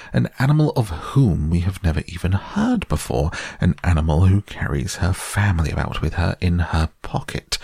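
A man's voice: low voice, gravelly, darkish tone, breathy edge, no room sound, studio quality, heavily acted. A man reading a storybook aloud, voicing a bossy, self-important male rabbit who lectures carefully.

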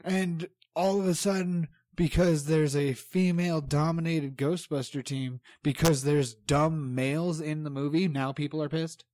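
A man's voice: a little high, steady tone, a little slow, hardly any pauses, a little mellow, no room sound, clean studio sound. A man co-hosting a casual podcast, ranting heatedly and swearing, rambling from point to point. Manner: heated, profane, rambling rants. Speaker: podcast co-host.

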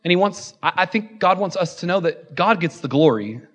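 A man with a high voice preaches a sermon in a church. He jokes at his own expense and laughs often, then builds to loud, fervent declarations. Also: lively intonation, fairly quick. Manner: self-deprecating, joking, laughing often. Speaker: guest preacher.

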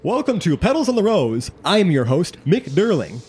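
A man voicing a booming, showy male game-show announcer. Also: very animated, moderate pace, darkish tone, husky, full character voice. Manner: showy, theatrical.

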